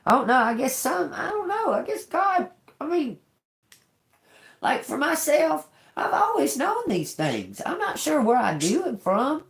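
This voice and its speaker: A woman's voice: sits high, a little slow. A woman hosting a tarot livestream, talking bluntly and telling a story with lots of swearing. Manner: blunt, profane, animated storytelling. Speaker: tarot reader livestream host. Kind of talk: casual livestream talk. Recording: echoey room.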